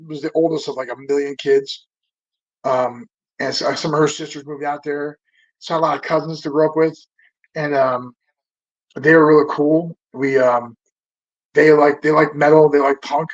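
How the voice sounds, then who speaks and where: A man in his fifties tells stories as a podcast guest, rambling along with plenty of swearing, false starts and fillers. His voice sits a bit high for a man. The recording sounds dull and lo-fi. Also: fairly bright tone. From Southern California. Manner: rambling and profane, full of fillers and restarts. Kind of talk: casual storytelling interview. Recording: dull lo-fi audio.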